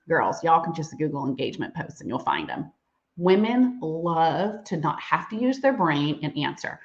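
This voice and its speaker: A woman's voice: deep voice, sing-song, normal speed. A middle-aged woman giving a livestream sales training, bubbly and chatty, laughing often. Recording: dull lo-fi livestream audio.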